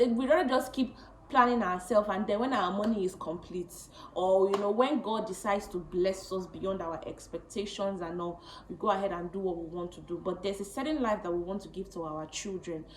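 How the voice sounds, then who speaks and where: A woman's voice: medium pitch, normal speed, slight background noise. Chatty woman vlogger, echoey room. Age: late 20s. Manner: chatty, animated, laughs often. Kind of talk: casual storytelling to camera.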